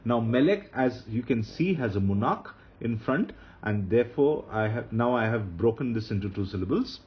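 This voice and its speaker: A man teaching grammar rules in a slide-based lecture, speaking slowly and repeating the key rules for emphasis. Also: mid-range voice, lively intonation, highs cut off.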